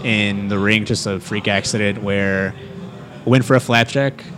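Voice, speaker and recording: A man's voice: lowish voice, fairly even intonation, moderate pace, crowd noise. A young man, a wrestler, telling a story in a casual interview, rambling with lots of fillers and acting out quotes. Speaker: professional wrestler.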